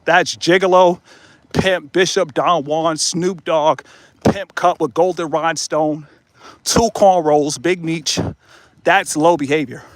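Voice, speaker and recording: A man's voice: on the high side, steady tone, slow pace, no echo. A man hosting a casual livestream outdoors on a mountain trail, joking and riffing with his chat as he walks. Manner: joking, playful, riffs with chat and laughs often. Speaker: livestream host.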